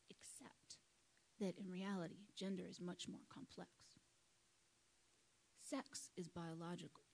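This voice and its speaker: A woman giving a prepared public talk to a live audience, speaking in a measured, earnest way into a microphone. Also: medium pitch, dark tone, poor audio. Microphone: microphone at a lectern.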